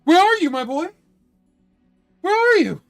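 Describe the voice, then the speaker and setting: Man doing a frantic mother, loud, calling out, pitched high. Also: big pitch swings, measured pace, vocal fry, faint music behind, full character voice. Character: frantic mother searching for her son.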